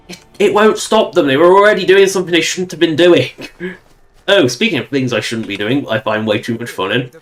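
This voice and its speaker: A man's voice: on the high side, expressive, a little fast, soft background music. Rambling man commentating a game. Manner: rambling, chatty, with frequent restarts. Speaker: game streamer. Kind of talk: casual gameplay commentary.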